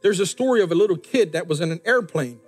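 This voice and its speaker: A man's voice: sits high, expressive, fast, slightly rough, faint music behind. A middle-aged male pastor preaching a sermon, repeating key lines and stretching words for emphasis, with light jokes to the congregation.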